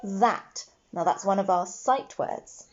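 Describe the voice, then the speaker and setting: A woman's voice: medium pitch, animated, a little slow, a little mellow, lo-fi sound, slight background noise. A woman teaching a phonics lesson to young children, patient and encouraging, sounding out each letter. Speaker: primary school teacher.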